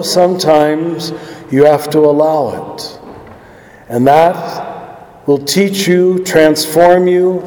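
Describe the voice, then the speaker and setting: A man, a priest, reading the gospel and preaching a homily in a measured, deliberate way. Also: fairly high pitch, mellow. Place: church. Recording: long church reverb.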